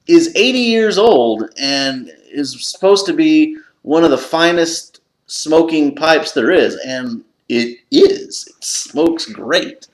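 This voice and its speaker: A man vlogging about a lucky find, telling the story with lots of excitement and leaping up in pitch when he relives his panic. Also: slow, few pauses. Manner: excitable, jumps up high when retelling his own panic. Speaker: pipe collector vlogger. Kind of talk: animated storytelling to camera. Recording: echoey room.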